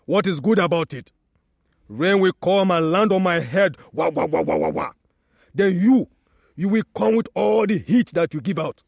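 A man with a Nigerian accent voicing a stubborn, proud tree that complains loudly and indignantly. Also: sits high, normal speed, creaky, dry recording, studio quality.

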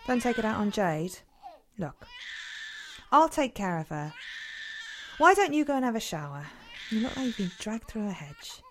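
A caring friend. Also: female voice, fairly high pitch, big pitch swings, moderate pace, pauses often, fairly bright tone, a little hiss or hum. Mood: firm. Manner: soothing but firm, tearful. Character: caring, practical female friend. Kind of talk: scripted educational drama.

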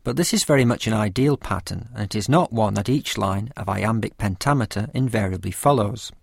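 A man reading a scripted lesson with a measured, careful explanatory delivery. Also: fairly low pitch, gravelly, husky, no room sound, clean studio sound. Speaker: teacher of poetry. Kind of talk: scripted lecture narration.

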